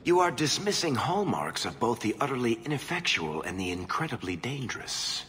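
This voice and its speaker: Varric, a sardonic dwarf. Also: male voice, medium pitch, sing-song, normal speed, a bit bright, slight background noise. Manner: dry, sardonic. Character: wry male dwarf storyteller, dry sarcastic wit. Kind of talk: video game voice acting.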